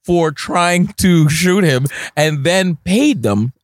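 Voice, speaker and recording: A male podcast host in casual chat, reacting with excited exclamations. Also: on the high side, takes it slowly, dry recording, studio quality.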